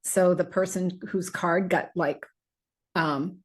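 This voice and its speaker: A woman's voice: on the low side, steady tone, slow pace. A middle-aged woman hosting a casual podcast about herbal remedies, talking in a rambling, chatty way with many fillers and restarts. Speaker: host selling herbal remedies.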